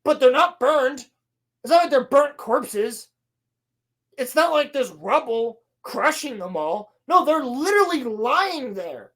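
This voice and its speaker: High-voiced sarcastic woman ranting. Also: slow pace. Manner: sarcastic, profane, exasperated; animated storytelling with acted-out quotes. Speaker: podcast co-host. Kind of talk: casual show recap.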